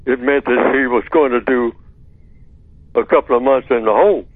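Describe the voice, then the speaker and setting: A man speaking as a guest on talk radio, explaining in a measured, lecturing way and posing rhetorical questions that he answers himself. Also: mid-range voice, no room sound. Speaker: guest expert on call-in radio. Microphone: telephone. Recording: tinny dry phone line.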